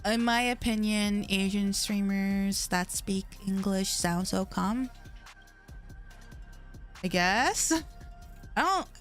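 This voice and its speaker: A woman's voice: mid-range voice, takes it slowly, long pauses, faint music behind. A young woman livestreaming from home, chatting casually with her chat in a rambling way, full of "like" fillers, into a desk mic.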